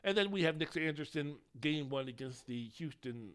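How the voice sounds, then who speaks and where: A man's voice: a little high, lively intonation, normal speed, a bit bright, clear, resonant tone. A man hosting a solo sports podcast, talking in a rambling, opinionated way and swearing casually. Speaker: podcast host.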